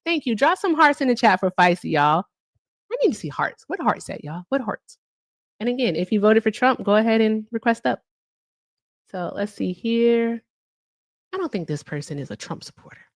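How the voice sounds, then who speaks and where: A woman's voice: on the high side, big pitch swings, moderate pace, dry recording. A woman hosting a casual livestream, chatty and brash, cursing freely and humming filler between remarks. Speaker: livestream host.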